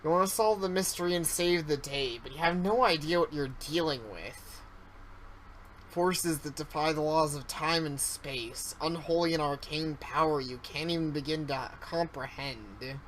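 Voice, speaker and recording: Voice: mid-range voice, moderate pace, a bit bright, a little hiss or hum, lightly acted, low-quality recording. A streamer reading the lines of a scheming young man who turned on his friend, cold and taunting. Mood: menacing. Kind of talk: reading game dialogue aloud.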